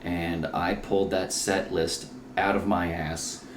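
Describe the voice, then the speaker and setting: Deep-voiced self-mocking male comedian. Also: little pitch movement, slow, echoey room, a little hiss or hum. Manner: self-mocking, loose storyteller with profanity. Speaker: comedian guest. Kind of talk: casual podcast chat. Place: his own house.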